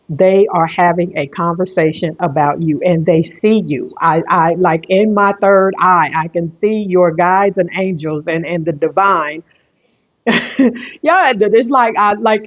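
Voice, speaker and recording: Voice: mid-range voice, highs cut off. A tarot reader and medium giving an online reading, repeating phrases emphatically in a rambling flow.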